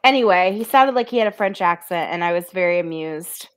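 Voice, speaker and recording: A woman's voice: fairly low pitch, expressive, brisk, clear, resonant tone. A woman co-hosting a podcast in casual chat, rambling and giggling, with lots of "um" and "like". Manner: rambling, giggly, filler-heavy. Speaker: podcast co-host.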